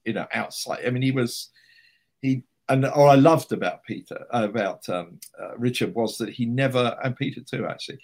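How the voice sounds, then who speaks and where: A man's voice: medium pitch, moderate pace, creaky. An older man, a writer, telling chatty anecdotes as a guest in an interview, with frequent restarts and fillers.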